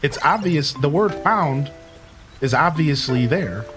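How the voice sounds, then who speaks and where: A man's voice: fairly high pitch, animated, slow pace, over music. A man from Ohio with a Midwestern accent, a streamer chatting playfully with his live chat while he plays, teasing and laughing often. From Ohio, USA.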